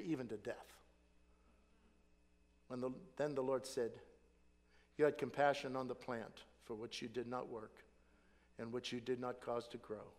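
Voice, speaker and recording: A man preaching a sermon with great drama, swinging between hushed whispers and shouted praise and acting out quoted prayers. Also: medium pitch, big-room sound. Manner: acts out quoted prayers with rising passion.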